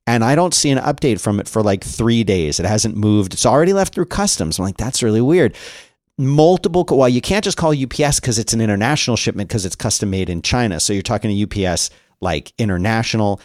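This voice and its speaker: A man's voice: on the low side, lively intonation, brisk, darkish tone, no room sound. Casual rambling man, dry close mic. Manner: rambling storyteller with many fillers. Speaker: podcast co-host. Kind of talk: casual chat.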